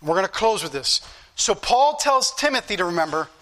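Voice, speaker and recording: A male preacher with a high, bright voice gives an earnest sermon, very animated and a little fast. He keeps circling back to the same points and reads scripture aloud before explaining it to the congregation.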